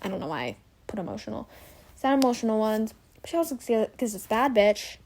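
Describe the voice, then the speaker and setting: A woman's voice: fairly high pitch, expressive, a little fast, darkish tone. A young woman hosting a casual solo podcast, rambling and gushing with many fillers and self-corrections, sometimes dropping to a whisper. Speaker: podcast host.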